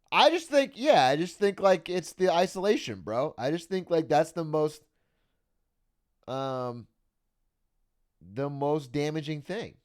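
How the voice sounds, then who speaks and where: A young adult man streaming, chatting casually with his viewers and reading out their messages, laughing often and swearing freely. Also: a little high. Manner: animated, laughing, swears often, reads out chat.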